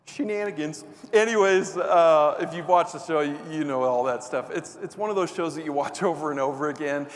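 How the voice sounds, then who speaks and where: A man's voice: fairly high pitch, a little fast, few pauses. A male motivational speaker telling a self-deprecating comic story in a live keynote on stage before an audience. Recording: reverberant hall, faint ambience.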